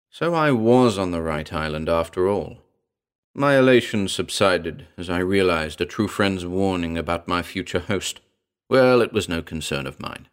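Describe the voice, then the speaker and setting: A man's voice: deep voice, lively intonation, normal speed, clean tone. A man narrating a comic pulp story in a dry, wry storytelling manner.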